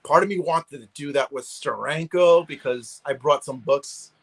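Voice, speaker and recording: A man's voice: on the high side, normal speed, fairly bright tone, rough recording. Rambling New man on a call. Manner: rambling, many restarts and fillers. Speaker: guest collector. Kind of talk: casual chat.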